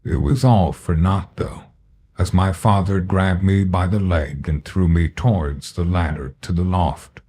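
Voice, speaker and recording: Deep, slow, husky horror narrator. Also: male voice, darkish tone, a little hiss or hum.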